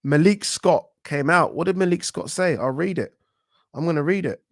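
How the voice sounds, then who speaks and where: A man hosting a boxing channel, chatting casually on a live stream, reading viewer comments aloud and reacting with frank, animated opinions and the odd swear. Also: fairly high pitch, moderate pace, dry recording, clean studio sound. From England.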